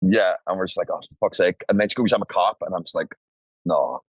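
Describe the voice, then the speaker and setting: Speaking quickly in a deep, level voice, this man recounts a wild tale as a guest on a podcast, doing character voices and cursing without restraint. The studio mic captures a dry sound, but the recording is low-quality.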